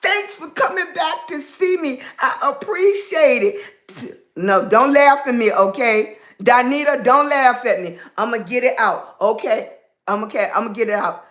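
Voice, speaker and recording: A woman's voice: on the high side, expressive, moderate pace, a bit bright. A woman hosting a casual live stream, playful and teasing, stumbling over a word and laughing at herself. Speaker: livestream host.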